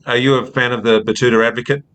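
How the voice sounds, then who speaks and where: A man from Australia with an Australian accent, a rugby writer talking in a measured, hesitant way as a podcast guest. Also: mid-range voice, steady tone, a bit bright. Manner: measured, hesitant, many fillers. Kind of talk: casual podcast chat.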